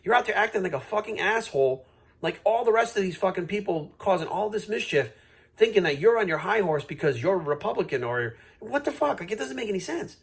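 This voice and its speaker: A man in a fired-up, unscripted rant to camera, blunt and swearing freely. His voice sits a little high for a man and has a husky, grainy edge. He talks in a steady stream and keeps coming back to the same point. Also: quick pace. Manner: heated, profane, blunt. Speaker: fitness coach vlogging.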